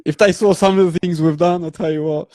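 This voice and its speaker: An Australian man hosting a live show, rambling through animated work stories in casual chat. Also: high voice, fairly quick, no echo. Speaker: host.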